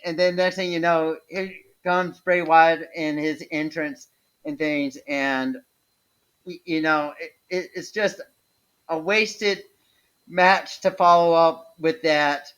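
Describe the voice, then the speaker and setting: A man co-hosting a casual wrestling podcast, talking haltingly with frequent restarts and chuckles as he recalls. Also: fairly high pitch, steady tone, fairly bright tone, clear, resonant tone. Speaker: podcast co-host.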